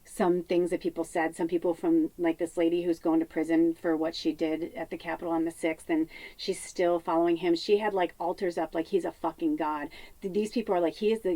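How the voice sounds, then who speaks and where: A woman from telling a rambling story in casual, profane talk, drifting between lively bursts and hushed asides. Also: on the low side, no echo, poor audio. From Chicago. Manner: rambling, profane, animated, drops to hushed tones. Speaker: spiritual medium and host.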